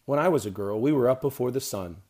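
A man's voice: mid-range voice, expressive, fast, a little mellow, natural voice. A man reading an audiobook, voicing a stern, nagging middle-aged mother in a scolding, droning manner.

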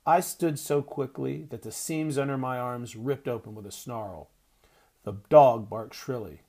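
A man reading a story aloud as narrator, in measured, even storytelling. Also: mid-range voice, gravelly, breathy edge. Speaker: audiobook narrator. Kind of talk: scripted narration.

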